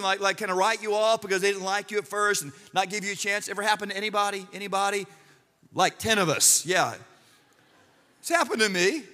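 High-voiced, bright-toned pastor preaching. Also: male voice. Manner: animated storytelling with humor and asides to the congregation. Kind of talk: sermon. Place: church sanctuary with live congregation. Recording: long hall reverb.

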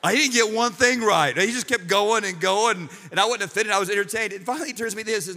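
A middle-aged male pastor delivers a sermon with a high, bright voice. He tells his stories animatedly, with humor and asides to the congregation. The sound rings with the long reverb of a church sanctuary. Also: quick pace, hardly any pauses.

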